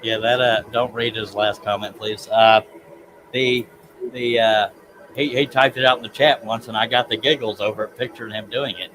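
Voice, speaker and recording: A man's voice: lowish voice, steady tone, moderate pace, fairly bright tone, slight background noise, rough recording. A man with a Southern US accent hosting a casual live stream, chatty and giggly as he reads comments aloud. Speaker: livestream host.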